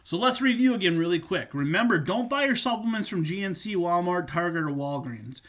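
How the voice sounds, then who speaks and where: A man's voice: high voice, lively intonation, brisk, a bit bright. A man coaching viewers on supplements and nutrition, talking casually and repeating his points with fillers. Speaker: fitness coach. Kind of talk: instructional talk on supplements.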